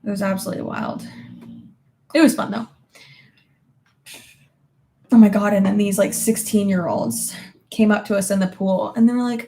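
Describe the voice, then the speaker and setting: Woman in her 30s, vlogger, casual chatty delivery, frequent laughs and loose swearing, mid-pitched. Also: lively intonation, a little fast, gravelly, long pauses, a little mellow. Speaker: vlogger reading viewer comments. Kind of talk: casual chat.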